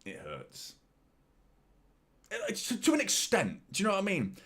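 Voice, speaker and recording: A man's voice: sits high, fast talker, breathy edge. A young man hosting a live football watchalong, rambling and swearing as he reacts to the match and chats to viewers. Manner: swearing, excitable, rambling with repeated words.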